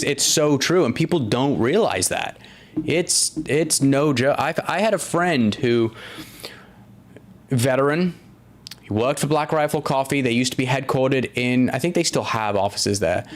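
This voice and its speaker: A man's voice: mid-range voice, unhurried. A man hosting a casual live-stream chat, rambling through viewer comments with lots of fillers, restarts and swearing. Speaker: podcast host reading viewer comments.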